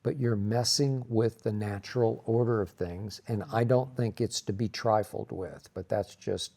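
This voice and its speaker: Gravelly low-voiced man co-hosting a chat. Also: measured pace, mellow. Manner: earnest, reflective, brings faith into it. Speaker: co-host. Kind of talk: casual chat.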